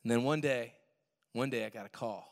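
A young man telling a personal story in a sermon, animated, swinging from loud to hushed. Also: medium pitch, a little fast, gravelly. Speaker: worship pastor. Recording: long hall reverb.

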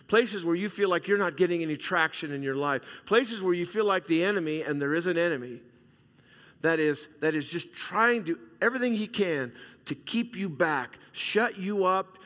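A middle-aged male pastor from Southern California preaching a sermon, emphatic and repetitive, swinging between loud and hushed. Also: sits high. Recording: reverberant hall sound.

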